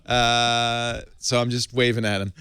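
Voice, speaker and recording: A man's voice: mid-range voice, little pitch movement, noisy background. A man hosting a casual tech podcast from a studio, joking with his panel and plugging the show. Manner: jokey, quick asides and show plugs. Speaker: podcast host. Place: studio with audience.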